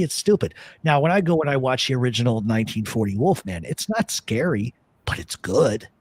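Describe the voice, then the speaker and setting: A talk host who swears freely and wanders from story to story. His husky voice leaps up and down as he talks. He is recorded close and dry, with no room sound. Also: mid-range voice, dry recording. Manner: profane, rambling, animated storyteller. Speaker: podcast host. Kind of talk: casual chat.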